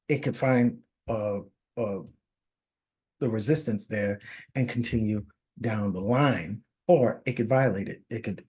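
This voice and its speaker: A husky-voiced man in an average pitch talks viewers through price charts in a loose, conversational way. He checks in constantly and corrects himself mid-sentence. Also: dark tone. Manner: conversational, keeps asking "all right?", self-correcting. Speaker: forex market analyst. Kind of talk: casual chart walkthrough.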